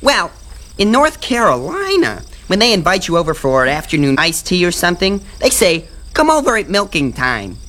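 A woman's voice: lowish voice, big pitch swings, normal speed, a bit bright. Poetry, a woman playing a chatty know-it-all boy. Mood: explaining. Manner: explaining, storytelling. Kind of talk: radio drama acting.

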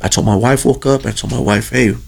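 A man's voice: on the low side, brisk, creaky, slight background noise. A middle-aged man telling a long personal story in an earnest, rambling way, often repeating himself. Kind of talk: casual storytelling.

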